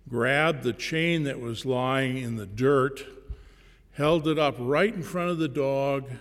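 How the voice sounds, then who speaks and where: A man preaching a sermon, telling a parable slowly and deliberately, with pauses between phrases. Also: medium pitch. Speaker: pastor. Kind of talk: sermon storytelling. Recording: long reverb in a large hall.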